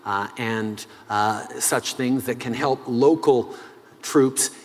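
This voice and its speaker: A man answering interview questions as a head of government, measured and full of "uh" pauses. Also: mid-range voice, in a large hall.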